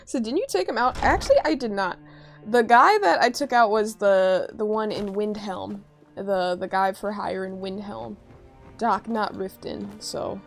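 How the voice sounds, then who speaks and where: A woman's voice: medium pitch, a little slow, vocal fry, faint music behind, rough recording. A woman from Chicago with a Chicago accent, chatting and giggling while she streams a game. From Chicago area, USA. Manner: chatty, giggly, rambling with many fillers. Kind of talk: casual chat while playing a game.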